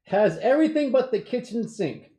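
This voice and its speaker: An American co-host reading short film reviews aloud on a casual live stream. The voice is mellow and warm, with a lively, bouncing melody and frequent laughter. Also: medium pitch, moderate pace, a little hiss or hum. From United States. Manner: laughing, playful, sings nonsense syllables.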